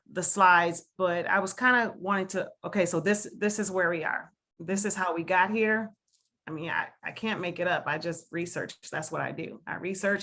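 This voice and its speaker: A woman's voice: fairly low pitch, bright, forceful tone. A woman from Milwaukee speaking on a video call as a guest speaker, earnest and emphatic, leaning on repeated phrases. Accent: Milwaukee, Wisconsin. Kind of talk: casual talk to a video call discussion.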